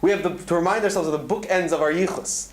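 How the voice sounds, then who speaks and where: High-voiced man giving an earnest Torah talk. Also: steady tone, quick pace, roomy sound. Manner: earnest storytelling, weaving in Hebrew terms. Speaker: speaker at a student event. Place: event hall.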